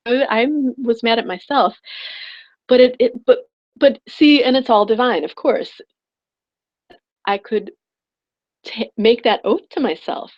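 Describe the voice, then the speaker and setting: A woman's voice: on the high side, measured pace, long pauses, lo-fi sound. A woman coach telling a personal story in an online class, rambling and heartfelt with many restarts. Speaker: spiritual prosperity coach.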